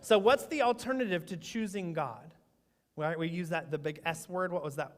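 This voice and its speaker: A man's voice: on the high side, moderate pace. A man leading a playful children's sermon in church, teasing and quizzing the kids. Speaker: children's pastor. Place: church sanctuary. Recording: echoey church sanctuary.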